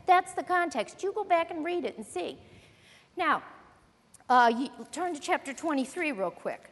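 A woman's voice: high voice, lively intonation, normal speed. A woman preaching a sermon, teaching earnestly and emphatically as she reads scripture aloud. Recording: long reverb of a large hall.

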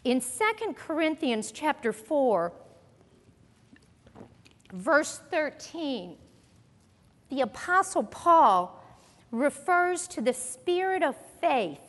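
A woman preaching a sermon in an animated way, mimicking complainers with comic asides. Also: sits high, slow, long pauses. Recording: long hall reverb.

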